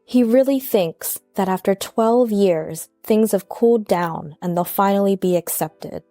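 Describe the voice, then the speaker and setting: Female narrator for a first-person story, steady and scripted, faint music bed. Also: mid-range voice, unhurried, dry recording, studio quality.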